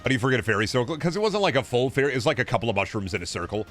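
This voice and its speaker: A man's voice: medium pitch, lively intonation, racing, fairly bright tone, soft background music. A young man streaming a game and chatting casually, rambling and profane, often stammering and restarting his sentences.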